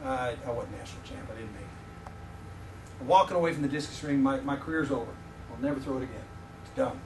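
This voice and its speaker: A man in his fifties, a visiting preacher, telling personal stories in a sermon with animated, joking delivery to his audience. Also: mid-range voice, fast, far from the mic, background noise. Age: 50s. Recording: echoey hall, voice from off-mic.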